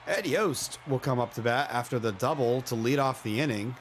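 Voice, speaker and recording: A man in his thirties doing casual play-by-play of a baseball video game, chatty and joking, with excited outbursts. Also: mid-range voice, a little fast, slight background noise. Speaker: play-by-play commentator.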